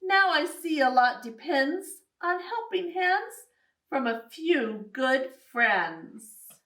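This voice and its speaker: A woman voicing a big, self-important male dump truck in a children's storybook reading, speaking lower and gruffer than her narration. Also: big pitch swings, takes it slowly, pushed and bright, distant mic, exaggerated voice. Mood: grateful.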